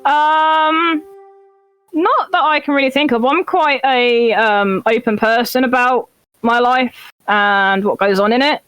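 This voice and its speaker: A woman's voice: high voice, a bit bright, smooth, no echo, rough recording. A woman guest on a casual interview, answering openly but hesitantly, with many fillers. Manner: hesitant, slow and open, with fillers and laughter. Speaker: interview guest, content creator.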